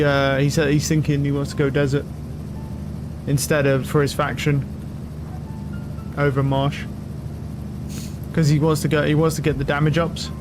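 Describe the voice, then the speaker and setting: Young male streamer, fairly high voice, loud and profane, live game chat over loud game music. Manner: loud, swearing, excitable, talks to chat and a friend. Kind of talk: casual live-stream commentary.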